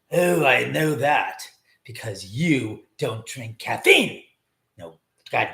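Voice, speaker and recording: A man hosts a livestream from his home, buzzing on caffeine. He rambles and swears giddily, and his pitch swings widely. His voice rings in a roomy, echoey space. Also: very animated, takes it slowly, vocal fry, bright, forceful tone. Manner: rambling, profane, giddy. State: wired on caffeine. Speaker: livestream host. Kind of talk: casual livestream chat. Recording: echoey room.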